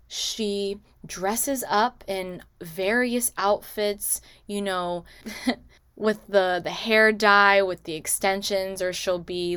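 A woman's voice: medium pitch, fairly bright tone, smooth, dry recording. A woman in a casual movie recap vlog, talking chattily with many "like" and "you know" asides. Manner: acts out characters' lines in quick quotes. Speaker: movie recommendation vlogger.

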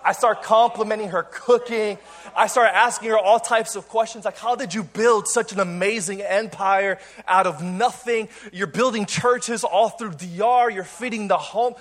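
A young adult man, a pastor, telling a playful story in a sermon to a church congregation, energetic and full of quick restarts. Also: high-pitched. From Cuban. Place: church auditorium before a congregation.

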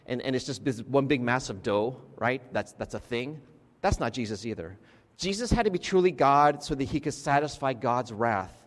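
A man preaching a sermon in a conversational way, checking in with his congregation and restarting his sentences as he goes. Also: medium pitch. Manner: conversational, frequent restarts and "right?" asides to the congregation. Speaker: pastor. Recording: long reverb of a large hall.

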